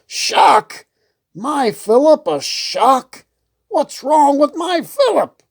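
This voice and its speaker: A woman voicing an excitable, pompous old king who squeaks and sputters when he shouts. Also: takes it slowly, slightly rough, heavily acted. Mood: blustering.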